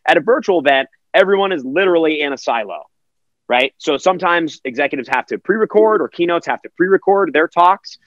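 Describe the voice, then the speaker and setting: Energetic male event host, dry lo-fi sound. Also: a little high, fairly quick, dry recording. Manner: energetic, acts out quotes in put-on voices. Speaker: virtual event host and emcee. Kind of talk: conversational interview answers.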